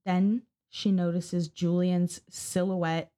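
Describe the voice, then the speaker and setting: A woman's voice: lowish voice, level tone, slow, warm tone. A woman co-hosting a podcast, telling a true-crime story in a casual, chatty way. She swears freely and acts out the people she quotes. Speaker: podcast co-host.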